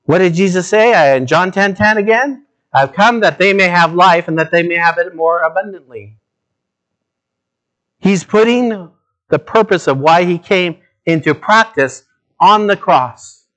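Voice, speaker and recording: Earnest male pastor preaching with dramatic contrasts. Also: a bit bright. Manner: dramatic shifts between low, slow emphasis and raised, urgent appeals; earnest, direct address to listeners. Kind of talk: sermon.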